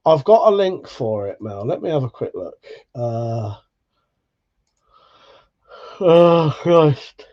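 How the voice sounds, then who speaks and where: A man's voice: fairly high pitch, big pitch swings, slow pace, long pauses, muffled recording. A man hosting a casual live chat stream, laid-back and tired, who swears freely as he chats to viewers. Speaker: livestream host.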